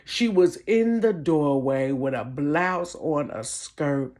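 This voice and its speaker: A woman telling a story on her vlog from her bedroom, animated and laughing, with big swings in pitch. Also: slow pace. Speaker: vlogger.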